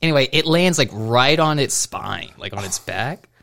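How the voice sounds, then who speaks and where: Young dude rambling thru a story on a podcast, lots of restarts, laughing. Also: male voice, mid-range voice, animated, moderate pace, creaky, bright, forceful tone. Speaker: podcast co-host. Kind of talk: casual storytelling chat.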